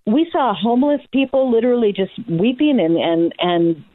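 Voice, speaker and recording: A woman's voice: a little high, moderate pace. A middle-aged woman from Oregon, a ministry leader, telling her story earnestly as a guest in an interview. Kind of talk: interview testimony. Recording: tinny phone line.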